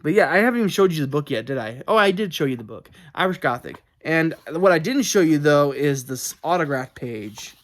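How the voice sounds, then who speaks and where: A man's voice: fairly high pitch, animated, brisk, hardly any pauses, fairly bright tone. A young man chatting casually to camera about his book mail, rambling and correcting himself with lots of fillers. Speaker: book collector showing book mail.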